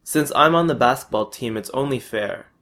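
A man's voice: mid-range voice, normal speed, bright, forceful tone, voice pushed up, close to an everyday voice. A man voicing his cocky young male friend, who talks in laid-back slang and boasts about his game.

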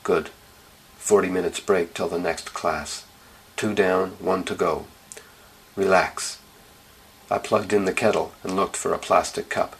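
A man's voice: low-pitched, steady tone, a little slow, gravelly, long pauses, slight background noise, low-quality recording. A man narrating a first-person story in a plain, understated, blunt way.

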